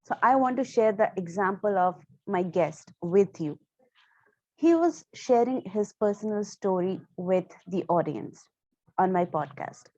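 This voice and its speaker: A woman teaching public speaking to camera. She stresses key words and uses deliberate pauses. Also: mid-range voice, expressive, a little mellow, no room sound, highs cut off. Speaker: speaking coach. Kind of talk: instructional talk to camera.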